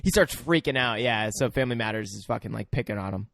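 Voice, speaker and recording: A man co-hosting a podcast, chatting about a movie in a relaxed way, laughing easily and trailing off. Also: medium pitch, fast talker, vocal fry, no echo, clean studio sound. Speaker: podcast co-host. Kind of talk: casual movie chat.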